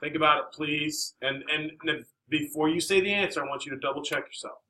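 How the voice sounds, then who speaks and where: Bright-voiced encouraging male math teacher. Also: on the high side, a little fast, a little hiss or hum, rough recording. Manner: encouraging, coaxing questions, many "all right"s. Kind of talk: classroom teaching. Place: classroom.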